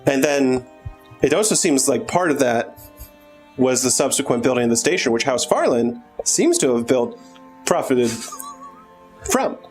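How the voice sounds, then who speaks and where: A man's voice: mid-range voice, expressive, a little slow, pauses often, soft background music. A man playing a tabletop role-playing game, asking probing questions in character. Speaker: player.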